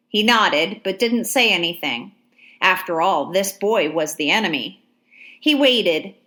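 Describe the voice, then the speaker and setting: This is audiobook narration by a woman whose mid-pitched voice stays calm and measured. The pacing is steady and suits clear storytelling.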